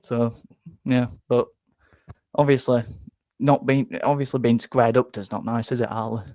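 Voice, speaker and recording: A young man hosts a casual football fan live stream and answers viewer comments. He rambles and stumbles, often repeating words as he goes. His voice sits at an ordinary middle pitch, and the recording is dry and close. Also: steady tone, measured pace, darkish tone, no echo. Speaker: fan channel host.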